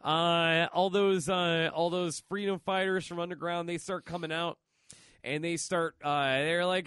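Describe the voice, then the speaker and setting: A man's voice: fairly high pitch, steady tone, normal speed, a bit bright, smooth, no echo, clean studio sound. A man hosting a podcast, casually recapping a comic story, rambling with lots of fillers and swearing. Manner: rambling, profane, filler-heavy. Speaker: podcast host.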